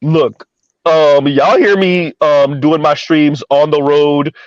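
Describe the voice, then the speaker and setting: Man, stream host, rambling casual talk, higher voice, dull lo-fi audio. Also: fairly even intonation, dry recording. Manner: rambling, repeats himself, quick asides. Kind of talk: casual chat on a live stream.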